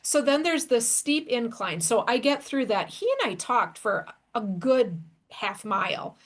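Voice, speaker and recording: Podcast host, female, slightly high voice, animated self-deprecating storyteller. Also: a little slow. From Wisconsin, USA. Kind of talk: casual storytelling.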